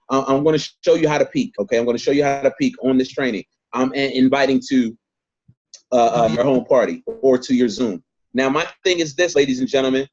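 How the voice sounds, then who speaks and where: Here a man with a medium-pitched voice conducts a network marketing training by video call, emphatic and repetitive as he addresses his group head-on. The highs are cut off in the recording.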